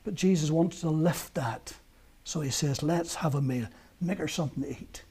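A man with a high, husky voice preaches a sermon, building stories earnestly. His tone is mellow and warm rather than bright, and he swings from emphatic peaks down to near-whispers. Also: normal speed. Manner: earnest storytelling, rising to emphatic peaks and dropping to hushed lines.

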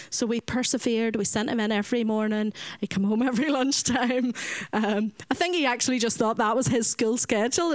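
A woman from Northern Ireland who runs a children's home gives an earnest personal faith testimony, acting out the voices of the people in her story. Her voice is a little high, and the poor-quality audio has no room sound.

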